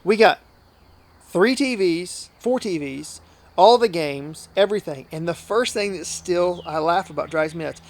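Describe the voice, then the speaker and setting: Outfitter guest, male, high-pitched, earnest and talkative; tells long stories and plays out the dialogue himself. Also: unhurried. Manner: earnest, talkative, often acts out quoted dialogue. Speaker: hunting outfitter and guide. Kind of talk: casual storytelling in a podcast interview.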